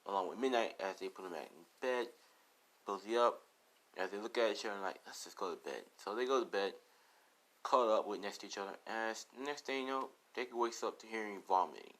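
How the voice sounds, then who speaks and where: A man's voice: lowish voice, fairly quick, fairly bright tone. A man casually telling a fan story, rambling and full of fillers as he retells who said what.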